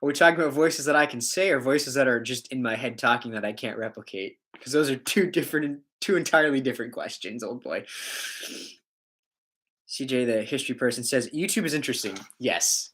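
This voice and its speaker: A man's voice: mid-range voice, animated, fairly quick, a bit bright, slightly rough. A man hosting a casual livestream, reading out viewer comments and rambling in a joking way, often breaking into laughs.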